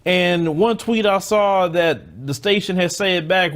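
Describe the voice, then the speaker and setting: A man's voice: high voice, animated, slow pace, a bit bright. A man hosting a commentary channel, reacting to a news clip in a blunt, mocking way.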